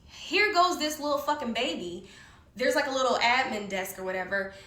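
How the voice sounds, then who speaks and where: Woman, casual storytelling, animated, swears a lot, bright and sharp voice, echoey room. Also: sits high, moderate pace. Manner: animated, profane, heated. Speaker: guest storyteller.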